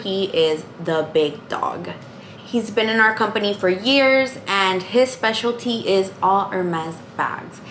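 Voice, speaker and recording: A woman in a casual storytime vlog, chatty and animated as she acts out each person she quotes. Her voice sits at an ordinary middle pitch and rings in a roomy, echoey space. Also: a little hiss or hum. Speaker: vlogger. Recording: echoey room.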